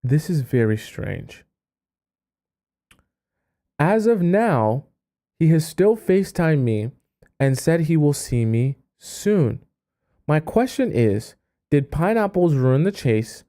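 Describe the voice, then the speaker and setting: A man's voice: a little high, very animated, slow pace, pauses often, warm tone. A man hosting a dating-advice live stream, reading viewer messages aloud and reacting with exasperated asides.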